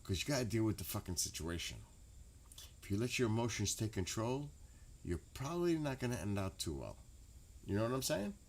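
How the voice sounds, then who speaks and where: A man's voice: lowish voice, very animated, a little fast. A man, chatting casually and profanely to his late-night stream audience. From New York. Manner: rambling, profane, laughs loudly.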